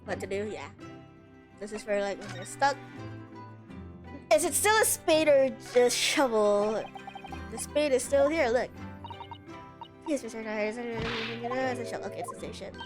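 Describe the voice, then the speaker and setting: A young woman commentates her game stream in a chatty, excitable way and swears casually. Her voice sits a little high. Soft game music plays in the background. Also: measured pace, pauses often.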